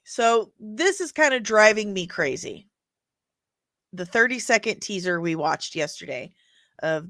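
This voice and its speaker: A woman's voice: medium pitch, a bit bright, dry recording. A woman hosting a casual commentary show, blunt and sarcastic, swearing freely. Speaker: host.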